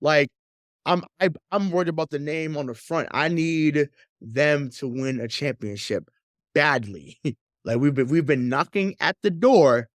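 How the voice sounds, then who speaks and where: A man's voice: a little high, a little slow, no echo, studio quality. A man hosting a sports podcast, chatting in a loose, profane way, laughing often and repeating words as he gets going. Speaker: podcast host. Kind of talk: casual sports podcast chat.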